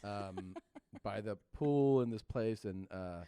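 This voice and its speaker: A man casually telling crude, deadpan comic stories as a podcast host. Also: on the low side, takes it slowly, clean tone, no room sound. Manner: deadpan storytelling, crude humor. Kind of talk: casual comedic chat.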